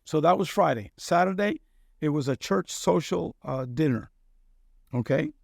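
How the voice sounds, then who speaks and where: Close and dry, this recording captures a middle-aged man from Cuba sharing a personal story as a guest in relaxed conversation. His gravelly, somewhat raised voice runs a little high with lively intonation, and he earnestly tosses in a quick "okay?" to check on his listener.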